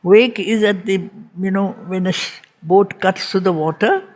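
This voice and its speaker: A woman's voice: mid-range voice, measured pace, a little mellow. A woman teaching a reading group, giving a spiritual lecture on a poem and repeating phrases for emphasis. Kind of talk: slow spiritual lecture on poetry.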